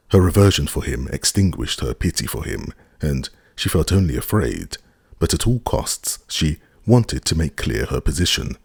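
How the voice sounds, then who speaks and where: A man narrating a classic novel as an audiobook, measured and expressive. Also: very deep voice, gravelly, slightly rough, no room sound, clean studio sound. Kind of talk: scripted narration.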